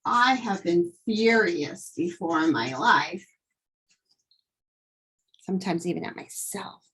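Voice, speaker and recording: Slow, expressive woman teacher. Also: on the low side, slightly rough. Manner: expressive, acts out emotions in examples, slow deliberate delivery. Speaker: teacher modeling a lesson. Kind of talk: teacher demonstration.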